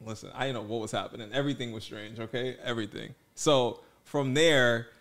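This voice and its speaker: Casting: young male podcast co-host, mid-pitched, lively storyteller, playful. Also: brisk. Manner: animated storyteller, playful and defensive. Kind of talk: casual chat.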